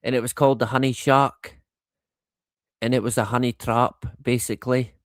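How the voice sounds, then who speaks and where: A man's voice: medium pitch, little pitch movement, moderate pace, no room sound, studio quality. A man hosting a livestream in a casual, rambling monologue, laughing often and swearing freely. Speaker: livestream host.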